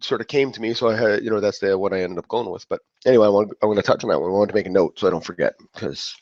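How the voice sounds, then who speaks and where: This man talks rapid-fire in a lowish, slightly mellow voice, giving a relaxed motivational speech. He rambles, keeps interrupting himself, and plays out others' reactions, all captured in a dull, dry, lo-fi recording.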